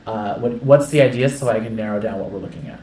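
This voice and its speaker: A man hosting a casual livestream, talking a guest through a setup in quick, instructing bursts. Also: on the low side, a little mellow, slight background noise. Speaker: livestream host. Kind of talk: casual behind-the-scenes setup chat. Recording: roomy distant mic with faint ambience.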